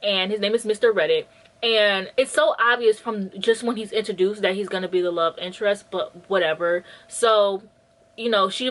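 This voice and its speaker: A woman's voice: medium pitch, fairly bright tone, poor audio. A woman chatting casually about books she read, retelling plots bluntly with lots of filler words and mock quotes of the characters. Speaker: book vlogger. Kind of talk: casual chat, book review.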